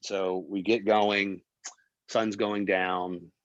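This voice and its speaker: Drawing out his words in a fairly low voice, a man who produces films tells an animated behind-the-scenes story as a guest in an interview. He acts out quotes and fills his speech with fillers and restarts. The recording has no echo and its highs are cut off.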